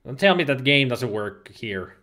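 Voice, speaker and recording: A man's voice: medium pitch, lively intonation, normal speed, noisy background. A man giving casual, joking gameplay commentary, rambling and swearing freely, with game music playing behind. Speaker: let's play commentator.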